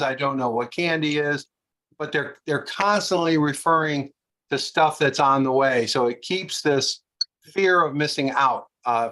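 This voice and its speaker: Relaxed man explaining a sales clip. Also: on the high side, rough recording. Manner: relaxed, explanatory, many "uh" fillers. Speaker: presenter. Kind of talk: explaining a video clip to a class.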